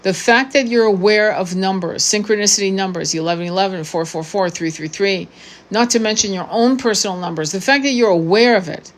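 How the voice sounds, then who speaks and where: A woman in her sixties speaks her mind to her followers as a spiritual coach. She is blunt and profane, impassioned, often tripping and restarting mid-phrase. Her voice sits at an ordinary middle pitch. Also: fairly quick. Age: 60s. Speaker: tarot reader and spiritual coach. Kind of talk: unscripted monologue to camera.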